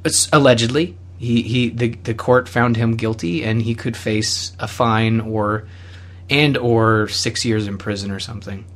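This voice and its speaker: A man's voice: medium pitch, fairly even intonation, a little slow. Rambling Canadian man, casual chat. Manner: rambling, many fillers and restarts. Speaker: podcast co-host.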